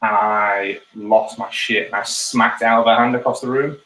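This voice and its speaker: A man's voice: lowish voice, fairly even intonation, moderate pace, bright, forceful tone, roomy sound, distant mic, rough recording. A man co-hosting a podcast, trading dry, teasing banter in casual chat. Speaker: podcast co-host.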